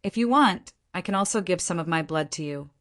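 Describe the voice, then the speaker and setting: A woman's voice: fairly low pitch, lively intonation, a little fast, natural voice. A woman voicing a cheeky, easygoing young male martial hero in an audiobook, with a teasing, casual manner.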